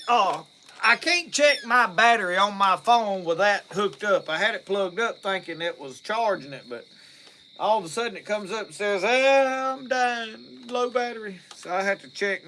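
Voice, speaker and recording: A man's voice: high voice, lively intonation, normal speed, bright, forceful tone, slight background noise. A man with a Mississippi Southern accent, hosting a live stream and chatting in a folksy, rambling way as he reads out viewer comments. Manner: folksy, rambling, laughs easily. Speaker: livestream host.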